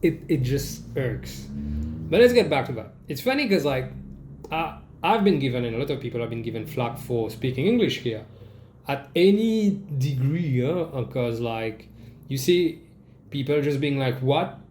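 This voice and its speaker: A young man from Mauritius, host of a comedy show, ranting in a casual, animated way and swearing freely. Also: normal speed, slight background noise. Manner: animated, jumps into mocking high-pitched quoted voices, swears. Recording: echoey room.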